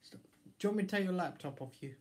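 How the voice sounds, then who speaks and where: Man, live-stream host, playful teasing banter, relaxed chat. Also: high voice, racing, slight background noise. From Essex, England. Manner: teasing, jokey banter with his kid.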